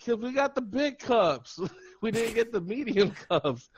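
In a very high, husky voice, a man speaks a little slowly as he tells a funny story on a casual podcast. The host laughs and animatedly acts out what people said, heard through a muffled recording.

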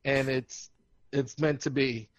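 A man's voice: medium pitch, little pitch movement, takes it slowly, no room sound. Young man, podcast co-host, rambling, profane, dry close sound. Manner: rambling, laughing, loose and profane. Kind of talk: casual chat.

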